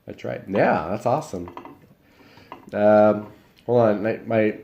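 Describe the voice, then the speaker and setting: Easygoing streamer, lowish voice. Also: male voice, slow pace, creaky, muffled recording, a little hiss or hum. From Iowa, US. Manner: relaxed, rambling, talks while eating. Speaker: live streamer. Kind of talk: casual chat reading viewer comments.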